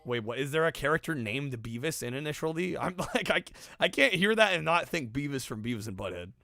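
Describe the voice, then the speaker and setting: A man's voice: fairly high pitch, fairly quick, vocal fry. A man streaming a racing game, chatting casually with his viewers and reacting to the race. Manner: relaxed, chatty, reads chat aloud and reacts to the race. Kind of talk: casual live-stream chat while gaming. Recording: loud game music behind.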